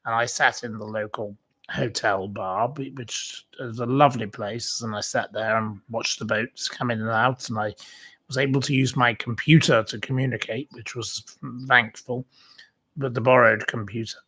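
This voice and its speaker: A man's voice: mid-range voice, steady tone, normal speed, sharp tone, husky. A man hosting his own channel, chatting casually to viewers and telling a rambling anecdote full of fillers and restarts. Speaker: channel host. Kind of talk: casual livestream chat.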